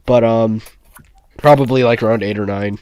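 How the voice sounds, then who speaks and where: A man's voice: medium pitch, steady tone, normal speed, a little mellow, smooth, no room sound, dull audio. A man in casual chat, telling a story with a lot of cursing and heat. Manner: profane, heated storytelling.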